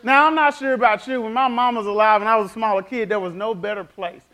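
High, bright-voiced preacher. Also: male voice, fairly even intonation, quick pace. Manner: fervent, storytelling, congregation call-and-response. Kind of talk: sermon.

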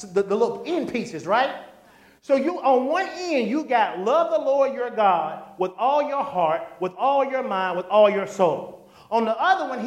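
A male pastor preaching a sermon, animated, throwing call-and-response questions to the congregation. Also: very high-pitched. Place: church sanctuary. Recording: echoey church hall.

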